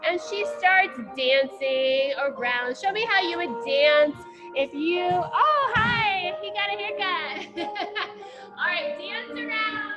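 A woman teaching a children's ballet class, telling a story in an animated, encouraging way. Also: very high voice, slow pace, low-quality recording. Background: music.

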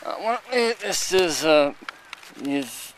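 A man giving casual, halting commentary as he walks through an outdoor cemetery, listing what he sees with many fillers. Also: on the high side, expressive, a little hiss or hum. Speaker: vlogger touring a cemetery.

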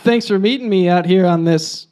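A man acting in an improvised comedy scene, talking haltingly with lots of restarts and giggles. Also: high-pitched, dark tone.

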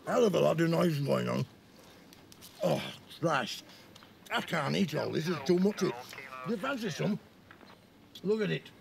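An actor playing a coarse working-class gravedigger, trading gruff, crude banter on location. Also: male voice, fairly high pitch, expressive, a little slow, pauses often, a crowd in the background, exaggerated voice. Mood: grumbling. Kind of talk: film acting. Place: outdoors on location. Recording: echoey location sound from a distance.

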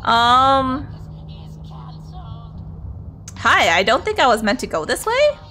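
A woman's voice: high voice, sing-song, normal speed, pushed and bright, a little hiss or hum. A woman streamer chatting casually during a game livestream, greeting viewers, exclaiming at the game and laughing often.

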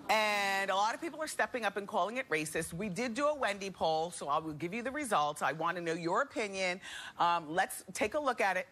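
Chatty laughing talk show hostess. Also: female voice, medium pitch. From New Jersey. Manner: animated, chatty, laughs often. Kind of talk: talk show gossip commentary. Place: TV studio with audience.

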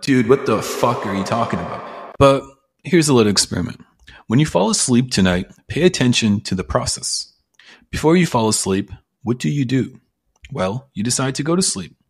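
A man giving a blunt, persuasive self-help monologue in a casual, emphatic way, with frequent swearing. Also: lowish voice. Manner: blunt, casual, sprinkled with profanity. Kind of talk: motivational monologue.

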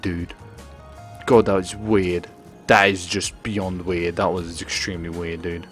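A young man giving excitable live commentary on his gameplay stream, joking with chat and swearing. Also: low voice, measured pace, soft background music. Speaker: gaming streamer.

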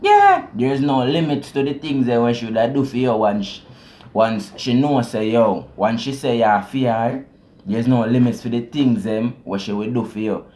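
A man with a Jamaican accent talks through a song in relaxed reaction-video commentary. His voice sits at an ordinary middle pitch, and he stays lively and chatty, breaking into patois explanations and easy chuckles. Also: normal speed. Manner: animated, explains lyrics in patois, chuckles often. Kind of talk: casual commentary.

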